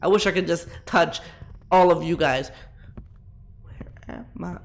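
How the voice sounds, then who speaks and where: Crude, chatty high-voiced male streamer. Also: a little slow, vocal fry. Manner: crude, rambling banter with chat. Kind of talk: live gameplay commentary.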